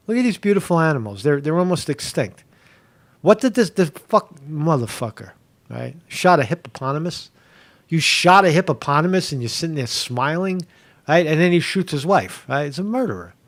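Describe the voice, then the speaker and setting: Rambling, sarcastic, profane male host. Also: on the high side. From Pennsylvania. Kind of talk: live show monologue.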